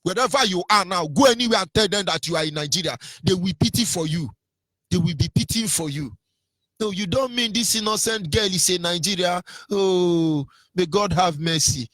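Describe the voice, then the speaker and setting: A man's voice: sits high, moderate pace, a bit bright, dry recording. A man hosting a call-in radio show, giving impassioned, mocking commentary with sung asides. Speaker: radio host.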